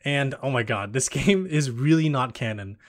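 A man's voice: mid-range voice, normal speed. Rambling young man, casual chat. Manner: rambling, many fillers, laughs often.

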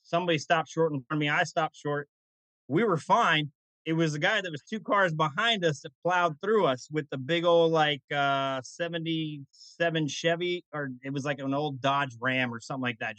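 A man's voice: on the high side, moderate pace, fairly bright tone, no room sound, rough recording. A man on a podcast, telling rambling stories in casual chat and often restarting his sentences. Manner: rambling, self-correcting storyteller. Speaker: podcast co-host.

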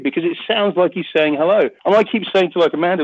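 A man's voice: high-pitched, expressive, quick pace, few pauses, breathy edge, no echo. A man talking as a podcast guest in casual, rambling chat, cursing freely and laughing often. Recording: tinny phone line, dry.

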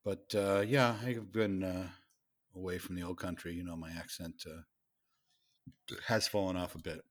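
A man from Worcester, Massachusetts, talks beer with his co-hosts. His voice sits very low, and he speaks in a relaxed, halting way, pausing often to find his words. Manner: relaxed, halting, lots of uh fillers. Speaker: podcast co-host. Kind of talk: casual chat.

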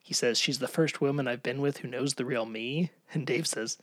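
A man's voice: medium pitch, normal speed, a bit bright, no room sound. Wry man recapping a sitcom. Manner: analytical, wry, hedging. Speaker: podcast co-host. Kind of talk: casual episode recap chat.

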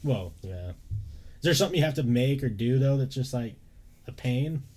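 A man's voice: medium pitch, expressive, moderate pace, darkish tone. A man hosting a podcast, chatting casually and joking loosely with plenty of fillers. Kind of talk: casual chat reacting to images.

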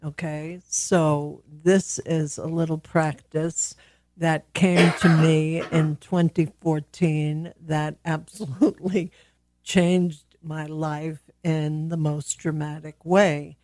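Slow, low-voiced woman, gentle. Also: level tone. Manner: slow, gentle, with long pauses. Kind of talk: reflective spiritual podcast talk.

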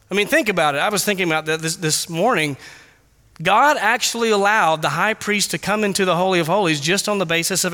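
A man's voice: high-pitched, pushed and bright, long reverb tail. A man preaching an expository sermon as pastor, earnest and building to emphatic passion on key points.

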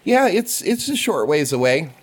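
A man's voice: very animated, moderate pace, husky. A man doing a chirpy little boy. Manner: high, bouncy childlike voice. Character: chirpy small boy, curious and friendly.

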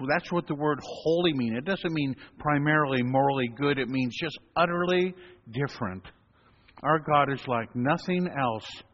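A man preaching as a priest, telling stories at an unhurried pace with gentle humor. His voice is mid-pitched and carries a long echo from a large hall. The recording sounds dull and lo-fi. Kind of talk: sermon.

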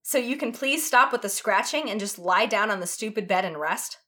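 A woman's voice: mid-range voice, animated, normal speed, bright, forceful tone. A woman reading a story aloud, voicing a young warrior woman who is firm and teasing.

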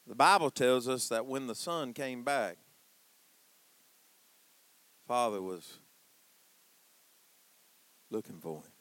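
Smooth-voiced preacher calling to his congregation. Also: mid-range voice, lively intonation, no echo. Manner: impassioned preaching that calls out to the congregation for responses; swings between hushed, drawn-out lines and loud emphatic peaks. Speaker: pastor. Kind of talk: sermon. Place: church.

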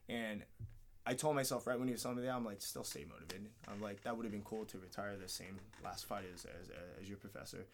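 An MMA fighter, interviewed as a podcast guest, rambles candidly through a long personal story, swearing often and acting out what people said. His fairly low voice moves quickly with fairly even intonation, and there's slight background noise.

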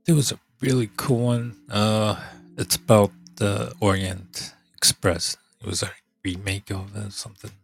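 A podcast host, a man with a congested, hoarse voice, rambling in casual chat, halting and trailing off as he thinks aloud. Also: on the low side, steady tone, dry recording, faint music behind.

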